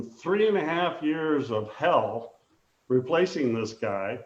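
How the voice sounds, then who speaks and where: A man's voice: fairly high pitch, slow, slight background noise. Older man telling stories on a roomy, dull line. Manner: animated anecdotes, acts out quoted voices. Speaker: guest, former baseball player. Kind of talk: casual storytelling interview.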